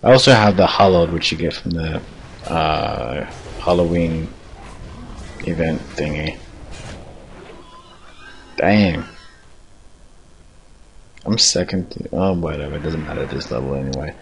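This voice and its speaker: A man's voice: extremely low pitch, unhurried, gravelly, long pauses, slight background noise. A man giving casual, rambling gameplay commentary, self-deprecating and chuckling often. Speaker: gaming video creator.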